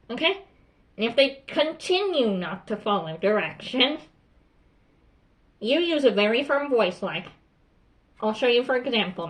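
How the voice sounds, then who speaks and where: Woman voicing a bright, firm school principal. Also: on the high side. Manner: instructive, firm, repeats "okay?". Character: strict but calm adult female school principal.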